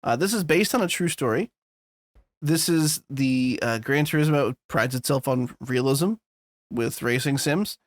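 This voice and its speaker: A man's voice: mid-range voice, a little slow, dry recording, studio quality. A man co-hosting a podcast in a loose, laughing, casual chat, swearing freely. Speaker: podcast co-host.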